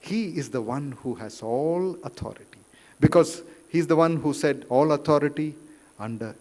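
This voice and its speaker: A man preaching a sermon in a church, rising loud for quotes and dropping quiet. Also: a little high. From India. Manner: slow, deliberate, rises loud for quotes then drops quiet. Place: church hall. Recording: reverberant church hall.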